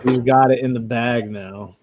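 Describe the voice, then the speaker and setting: A man's voice: medium pitch, fairly even intonation, measured pace, background noise. A man chatting casually about reselling, telling stories in a rambling way with many fillers. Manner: rambling storyteller, filler-heavy. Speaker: reseller host.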